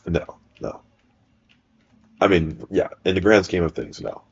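A man's voice: sits low, animated, measured pace, vocal fry, husky, dull audio. A young man chatting casually as podcast co-host, joking and telling stories with many restarts. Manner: joking, storytelling, rambling with restarts. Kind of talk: casual chat.

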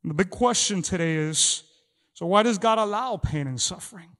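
A middle-aged pastor preaches a sermon in a church hall, his high-pitched voice expressive and fairly bright. He's halting, often repeating words, and the recording carries the long echo of a large hall.

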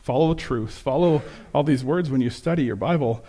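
A man preaching a sermon with slides, conversational and self-correcting, turning animated when he quotes people. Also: mid-range voice, brisk. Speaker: pastor.

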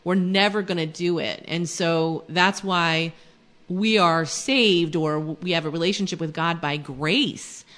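A woman's voice: on the low side, unhurried, a bit bright. A woman hosting a faith podcast, teaching in an earnest, conversational way with many fillers. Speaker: podcast host.

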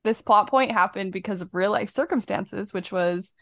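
A young woman hosts a casual conversation among friends. She retells scenes in a lively, animated way and laughs easily. Her voice sits at a middle pitch in a dry, close recording. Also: normal speed, gravelly, no room sound. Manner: animated storytelling, acting out quotes with frequent laughter. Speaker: podcast host. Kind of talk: casual chat.

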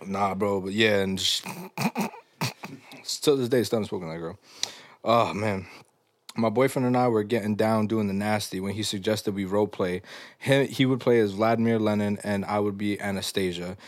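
A man's voice: on the low side, normal speed, no room sound, studio quality. A young man hosting a casual comedy podcast, reading listener stories aloud and reacting with crude slang and frequent laughter.

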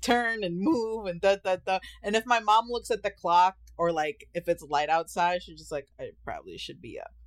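A woman's voice: mid-range voice, normal speed, hardly any pauses, no room sound. Young woman podcaster, chatty and laughy, acts out her stories, dry close sound. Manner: animated storyteller, laughs often, acts out voices. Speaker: podcast co-host. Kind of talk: casual chat.

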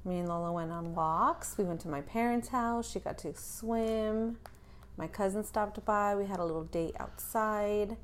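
A woman's voice: mid-range voice, a little slow, slight background noise. Teasing young woman on a podcast. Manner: teasing, laughs often. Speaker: podcast co-host. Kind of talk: casual chat.

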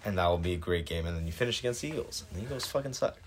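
A man's voice: deep voice, expressive, rapid-fire, slight background noise. A young man co-hosting a podcast, chatting casually and pushing his opinions on sports. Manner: opinionated, pushy. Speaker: podcast co-host.

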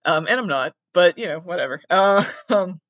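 A man's voice: sits high, animated, normal speed, fairly bright tone, dry recording, highs cut off. Self-mocking young man rambling. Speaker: podcast host. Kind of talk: casual rambling monologue.

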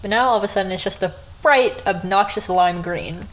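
A woman's voice: mid-range voice, a little fast, rough recording. A woman retelling a story in a casual, chatty way, often breaking into giggles. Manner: giggly, chatty, frequent laughs.

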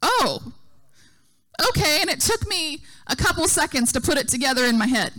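A woman's voice: sits high, expressive, fast talker, fairly bright tone. A middle-aged woman preaching a sermon, telling a story and acting out the voices she quotes.

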